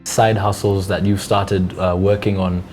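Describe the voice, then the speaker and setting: A man's voice: deep voice, flat delivery, unhurried, a little mellow, faint music behind. A young man from East Africa hosting a casual interview, encouraging his guest and following up with questions. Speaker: host.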